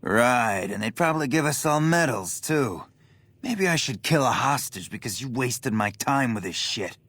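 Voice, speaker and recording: A man's voice: mid-range voice, expressive, moderate pace, a bit bright, dry recording. An actor playing a tough, impatient male gang leader in video game dialogue. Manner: curt, scornful.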